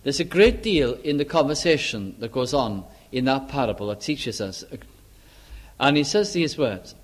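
A man preaching a sermon earnestly, repeating phrases for emphasis and pausing with frequent fillers. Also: mid-range voice, sing-song.

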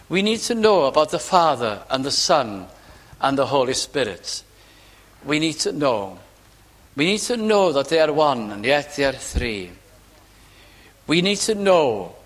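A man preaching a sermon, asking rhetorical questions and swinging from emphatic to hushed. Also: medium pitch.

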